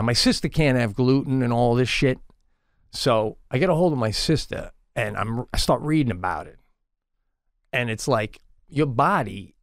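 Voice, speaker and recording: A man's voice: mid-range voice, dry recording, clean studio sound. A middle-aged man co-hosting a podcast, telling a story in a heated, exasperated, profane way, his voice jumping up when he gets irritated. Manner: animated, voice jumps up when irritated. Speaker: podcast co-host. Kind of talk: casual storytelling.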